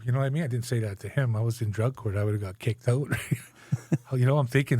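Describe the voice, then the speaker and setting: A man's voice: mid-range voice, fast, warm tone, slightly rough, dry recording. A man in his forties from Canada, a guest telling his life story in a candid interview, tagging his sentences with "right?" and "eh?". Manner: conversational, frequent "right?" and "eh?" tags.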